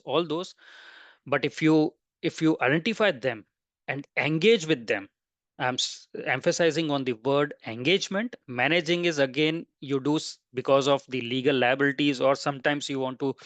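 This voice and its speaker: A man's voice: fairly high pitch, fairly bright tone, dry recording. A man presenting a webinar lecture, explaining step by step and listing terms one after another.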